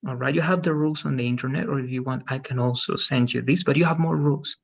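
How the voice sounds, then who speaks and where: A man's voice: mid-range voice, fairly even intonation, fast, creaky, slightly rough. A male English teacher, patiently explaining word stress in an online lesson and checking understanding often.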